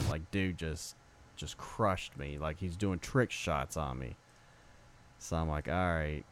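Deep-voiced man telling a bar story. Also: slight background noise. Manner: relaxed, says freaking and dude. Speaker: sports podcast cohost. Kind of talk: casual storytelling.

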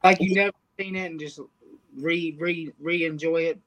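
A man's voice: a little high, steady tone, moderate pace. A man co-hosting a casual podcast, talking in a laid-back way with plenty of swearing. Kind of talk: casual chat.

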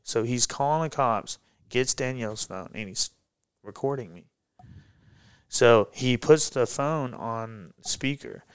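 A man's voice: mid-range voice, slow pace, clear, resonant tone, dry recording. Profane, heated man telling a story. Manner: profane, heated, animated retelling. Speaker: guest, pro MMA fighter. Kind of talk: casual podcast storytelling.

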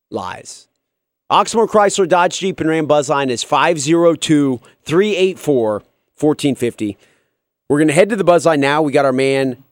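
A man hosting a sports talk radio show, energetic and upbeat at a studio microphone. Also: medium pitch, no room sound.

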